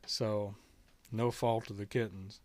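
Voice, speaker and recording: A middle-aged man casually telling a story to camera in a halting, earnest way, often restarting his sentences. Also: fairly low pitch, level tone, darkish tone. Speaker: vlogger telling a kitten rescue story.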